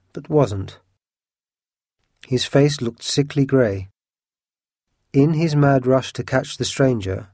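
Male storyteller, steady measured reading, close and dry. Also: mid-range voice, gravelly, no echo. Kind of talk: audiobook narration.

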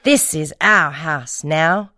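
A woman voicing a cold, bossy middle-aged stepmother in a storybook, slow and commanding. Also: low-pitched, pushed and bright, no echo, studio quality, full character voice.

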